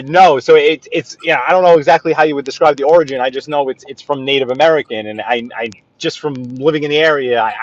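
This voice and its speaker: A man from Brooklyn, New York, with a Brooklyn accent, hosts a casual live stream while driving, rambling and chatting with viewers and a guest and answering viewers' comments. His voice is fairly high, captured in a dull, dry lo-fi recording.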